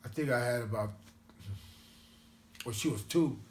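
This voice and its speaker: A man's voice: medium pitch, measured pace, a little mellow, echoey room, slight background noise. A man who is a father, giving short plainspoken answers and saying "you know" a lot. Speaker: interviewee, father. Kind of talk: casual interview.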